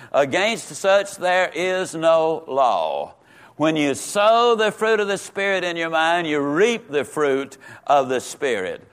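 A man teaching a Sunday school lesson in a folksy, emphatic way, slowing down and repeating words for stress. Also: on the high side, a bit bright.

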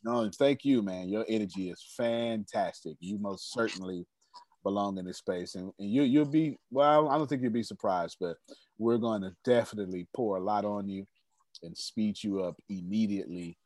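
A man in his forties runs a lively online business coaching session over group video call, emphatic and repetitive, laughing often and hyping up the group. His voice is fairly low and a little mellow, at normal speed with no echo.

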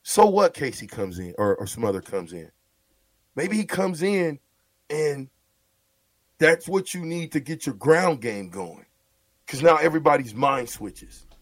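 A man co-hosting a sports radio show, talking football in an animated, repetitive, coaching way. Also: fairly high pitch, measured pace, no room sound. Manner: animated, repeats words, coaching tone. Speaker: sports radio co-host, former player. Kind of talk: casual sports talk.

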